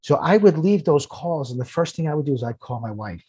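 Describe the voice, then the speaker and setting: A man's voice: fairly high pitch, lively intonation, brisk, warm tone, husky, no echo. A man, a firefighter and podcast guest, telling emotional personal stories earnestly, often repeating words when moved.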